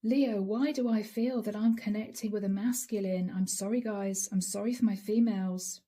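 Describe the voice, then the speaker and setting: A woman's voice: mid-range voice, steady tone, moderate pace, dark tone. A woman giving a channeled tarot reading, talking emphatically and repeating lines as she acts out imagined exchanges. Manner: dramatic, emphatic, repeats lines while acting out dialogue. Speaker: tarot reader.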